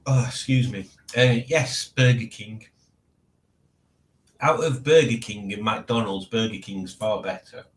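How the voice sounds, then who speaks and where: A man's voice: fairly low pitch, steady tone, measured pace, roomy sound. A man hosting a casual livestream at home, rambling as he reads chat messages aloud. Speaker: livestream host reading chat. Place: at home, indoors.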